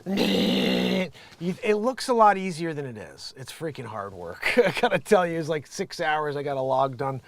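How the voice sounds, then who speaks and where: A man's voice: a little high, sing-song, a little fast, few pauses, dry recording. A man hosting his own show, ranting casually and sarcastically, rambling, laughing often and mocking people in put-on voices. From United States. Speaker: show host.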